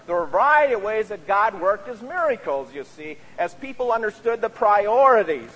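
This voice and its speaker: A man's voice: high-pitched, animated, moderate pace, a bit bright. A man preaching a sermon as a pastor, speaking earnestly and often adding "you see" as he makes his points. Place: church sanctuary. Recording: reverberant church sanctuary.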